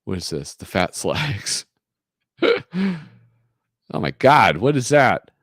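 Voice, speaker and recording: A man hosting a live stream, reading comics aloud in an animated, joking way and laughing often. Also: lowish voice, slow, no echo, studio quality. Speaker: host.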